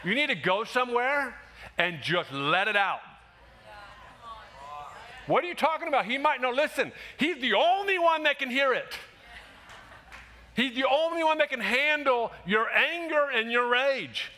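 A man preaching a sermon in a church, animated and conversational, acting out quick quotes as he goes. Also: extremely high pitch, a little hiss or hum. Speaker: pastor. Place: church sanctuary.

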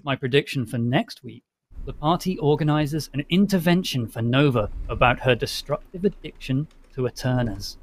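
A man hosting a casual livestream chat, reading donation messages aloud with quick laughs. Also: medium pitch, expressive.

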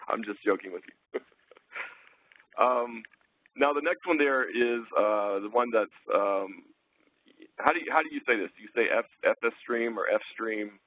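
A man presenting a technical webinar, relaxed and full of ums and uhs as he thinks aloud. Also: medium pitch, a little slow, long pauses, dry recording. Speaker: webinar presenter, sales engineer. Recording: tinny phone-line audio.

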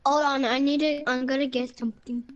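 A woman's voice: high-pitched, steady tone, a little fast, lo-fi sound, a little hiss or hum. A woman chatting casually with a friend while they play a game, mostly giving short, laid-back replies. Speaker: co-player. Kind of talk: casual gaming chat.

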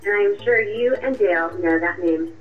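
A woman voicing a sharp, confrontational young girlfriend in a radio drama, with a cutting, accusing way of talking. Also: medium pitch, normal speed, natural voice. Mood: triumphant. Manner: cutting, accusing, coolly triumphant. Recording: muffled distant voice with music.

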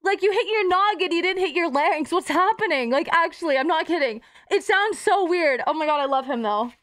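A woman's voice: very high voice, animated, fairly quick, fairly bright tone. A woman streamer chatting casually with her live audience, bubbly and giggly and swearing freely.

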